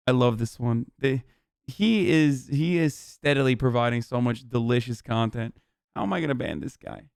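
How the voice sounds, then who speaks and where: A man's voice: mid-range voice, moderate pace, gravelly, a little mellow, smooth, no room sound, studio quality. A young adult man doing casual livestream commentary in a sarcastic, profane and mocking way. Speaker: streamer.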